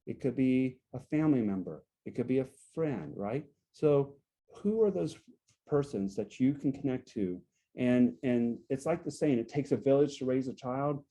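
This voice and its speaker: A man's voice: medium pitch, normal speed. A man giving a workshop talk to a support group, explaining step by step, checking in often with "right?", and acting out sample phrases. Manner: acts out sample phrases to show a calm and an angry tone. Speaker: guest speaker on relationships.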